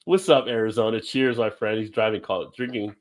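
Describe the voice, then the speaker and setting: A middle-aged man from New Jersey co-hosting a casual livestream, reading comments and ranting with big jumps in pitch. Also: fairly quick. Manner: animated, jumps high in pitch when ranting. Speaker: livestream co-host.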